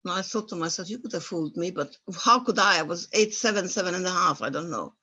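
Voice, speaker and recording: Elderly woman from former Yugoslavia, husky. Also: on the low side, expressive, fast, bright, forceful tone. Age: 80s. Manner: emotional, vivid storytelling with searching, non-native phrasing. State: stirred up by memories. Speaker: Holocaust survivor guest speaker. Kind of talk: personal testimony at an online talk.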